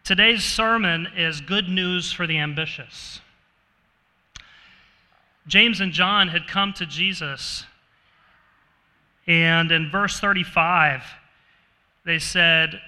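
A man's voice: on the high side, slow, pauses often, bright, forceful tone, smooth. A man preaching a sermon in a conversational way, asking his congregation questions. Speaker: pastor. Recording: reverberant hall.

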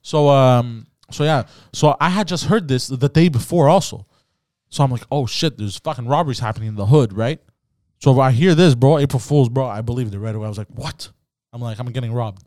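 A young man from Canada chatting casually on a podcast, telling stories in an animated, crude, joking way. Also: medium pitch, a little fast, no echo, clean studio sound. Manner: animated storytelling with crude banter. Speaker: podcast host. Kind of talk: casual chat.

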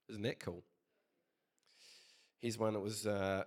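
Chatty, low-voiced male preacher. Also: level tone, takes it slowly, long pauses. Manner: conversational, chatty storyteller with many fillers. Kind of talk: casual sermon.

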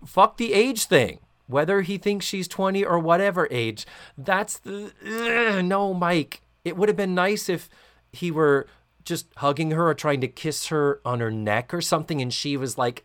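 A man co-hosting a podcast, recapping an old sitcom episode in casual, animated, profane chat. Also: a little high, unhurried. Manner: animated, profane, laughing storyteller. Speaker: podcast co-host.

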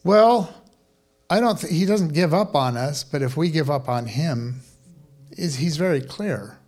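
Man, pastor, sermon, slightly high voice, conversational, animated. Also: unhurried. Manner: conversational, animated preaching with asides.

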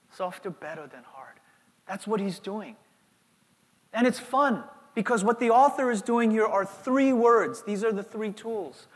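A man's voice: sits high, fairly bright tone, in a large hall. A middle-aged man from New York preaching a sermon as pastor, earnest and repeating words as he builds up. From New York, United States.

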